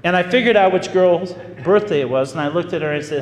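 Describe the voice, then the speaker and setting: A man preaching as a pastor, telling a story in an animated, folksy way. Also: high voice, quick pace, few pauses. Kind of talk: storytelling sermon. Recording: echoey hall with faint ambience.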